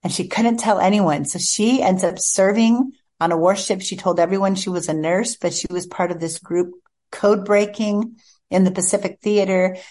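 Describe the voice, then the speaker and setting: A woman's voice: mid-range voice, fairly even intonation, normal speed, a little mellow. A woman guest author telling a heartfelt personal story in a chatty, earnest way.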